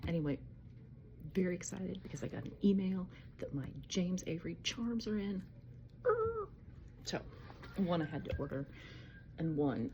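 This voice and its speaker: A woman's voice: lowish voice, moderate pace, creaky, long pauses, mellow. A woman in her thirties in a scattered, self-interrupting casual vlog, talking into her phone. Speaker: vlogger. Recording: dull lo-fi phone audio with road noise.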